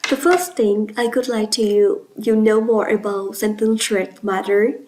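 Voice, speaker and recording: A woman with a Vietnamese accent teaching an English pronunciation lesson in a clear, instructive way, praising her students. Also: medium pitch, a little slow, a little mellow, a little hiss or hum, rough recording. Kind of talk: classroom lesson.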